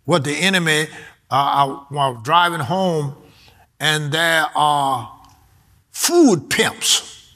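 Man, preacher, bright ringing voice, slightly high, emphatic, repeats key words, sermon. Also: animated, takes it slowly, long pauses.

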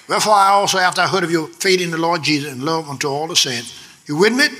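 Emphatic, bright-voiced preaching man. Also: quick pace, a little hiss or hum. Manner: emphatic, repeats words, shifts from shouting to low asides. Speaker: pastor. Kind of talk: sermon.

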